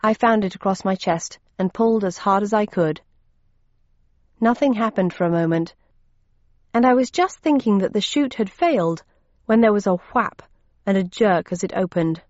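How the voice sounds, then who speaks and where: A woman reading a first-person story aloud as an audiobook narrator, steady and measured. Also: medium pitch, no echo, dull audio.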